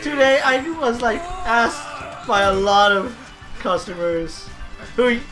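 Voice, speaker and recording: A man spinning animated, swear-laced stories in casual chat over a gameplay session, packing his talk with "like". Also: very high voice, takes it slowly. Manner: animated storytelling full of "like" fillers, swears freely. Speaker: storyteller co-host of a gameplay video. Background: video game music.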